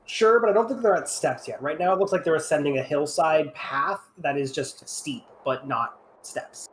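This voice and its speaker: A man's voice: fairly high pitch, normal speed, a little hiss or hum. A man co-hosting a live game stream, chatting casually and matter-of-factly. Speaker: co-host.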